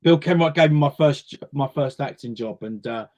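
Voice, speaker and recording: A chatty man, answering interview questions in a relaxed, storytelling way. His voice sits at a middling pitch for a man, and he often repeats a word or two while he gathers his thoughts. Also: a little fast. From North West London. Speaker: interview guest, singer and actor. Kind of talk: casual interview chat.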